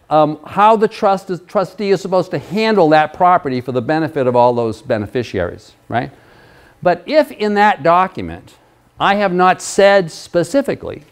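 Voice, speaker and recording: A man who works as an elder law attorney, giving a seminar talk and explaining legal ideas with dry self-deprecating jokes. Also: on the high side. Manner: conversational, with restarts and fillers. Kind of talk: public seminar presentation.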